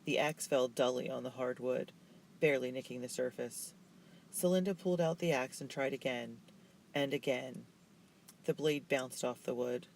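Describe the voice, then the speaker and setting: A man narrating a children's novel in a steady, measured way. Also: mid-range voice, gravelly, slight background noise, poor audio. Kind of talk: reading a children's novel aloud.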